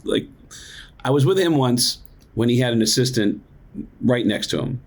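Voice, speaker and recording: A man who is a guest comedian on a podcast, talking in a relaxed, reflective way with plenty of fillers. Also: medium pitch, normal speed. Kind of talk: casual interview chat.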